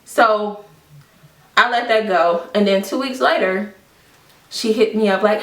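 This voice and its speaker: A woman vlogger casually telling a personal story to the camera, quoting people with lively, exaggerated voices. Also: medium pitch, a little slow. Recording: echoey room, mic at a distance.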